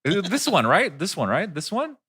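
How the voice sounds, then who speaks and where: A man whose first language is Korean tells a funny story in a casual chat, acting out the people in it. His voice is bright and his pitch swings widely as he gets into the telling. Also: brisk, slightly rough. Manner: animated storyteller who acts out voices and says "dude" a lot.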